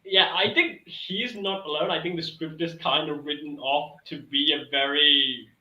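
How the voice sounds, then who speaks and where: A man's voice: a little high, steady tone, a little slow. A man on a panel giving rambling, hesitant opinions in a casual chat. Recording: dull, roomy lo-fi audio.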